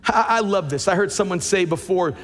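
A man's voice: high voice, a little fast, big-room sound. A man preaching a sermon as pastor, emphatic and repeating words as he builds his points.

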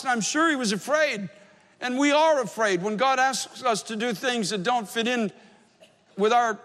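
Pastor guy preaching, high voice, long echo from a big church hall. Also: a bit bright. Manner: storytelling preacher, earnest and emphatic. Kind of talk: sermon.

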